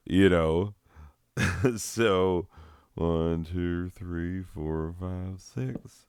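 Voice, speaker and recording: A man rambling through a solo chat while high, swearing and giggling as he drifts off topic. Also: drawn-out words, a little mellow, clean tone, no echo, clean studio sound. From southwestern United States. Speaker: podcast host.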